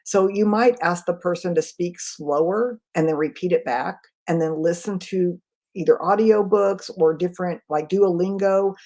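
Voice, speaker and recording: A woman communication trainer in a live webinar, answering chat questions in a quick, conversational way. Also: lowish voice, mellow. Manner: quick, conversational, self-aware.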